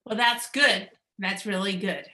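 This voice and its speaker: A woman's voice: mid-range voice, measured pace, bright, forceful tone, reverberant. A woman hosting a live online show over a video call, bubbly and tripping over her words now and then. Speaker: host.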